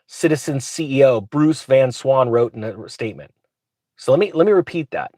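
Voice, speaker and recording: This finance vlogger delivers ranting commentary on bank news from inside his truck, sounding sarcastic, grumpy, and mocking. The man's medium-pitched voice is expressive and a little mellow, moving at normal speed, and the recording has no room sound.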